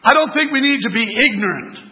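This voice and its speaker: A man's voice: extremely high pitch, animated, a little fast. An older man preaching a sermon at a religious meeting, telling folksy, rambling stories with many restarts. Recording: tinny phone-like sermon recording.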